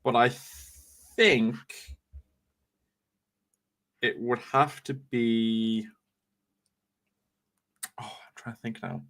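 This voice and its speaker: A man's voice: mid-range voice, steady tone, drawn-out words, long pauses, a bit bright. A man, an author guest in a casual interview, chatty and hesitant with frequent restarts.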